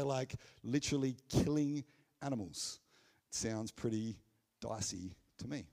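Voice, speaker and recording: A man with an Australian accent preaching a sermon at a Sunday church gathering, conversational and animated, with playful asides. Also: medium pitch. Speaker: pastor.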